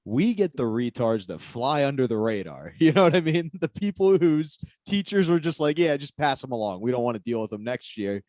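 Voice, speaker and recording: A man's voice: mid-range voice, lively intonation, a little fast, few pauses, darkish tone, dry recording, studio quality. A man co-hosting a casual comedy podcast, riffing with sarcastic jokes. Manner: joking, sarcastic riffs.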